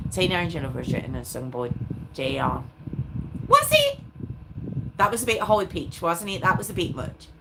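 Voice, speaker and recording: A woman's voice: on the low side, animated, normal speed. Chatty woman rambling on a live stream. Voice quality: rambling, chatty and self-mocking. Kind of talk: casual chat with live viewers. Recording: clear background noise with clicks.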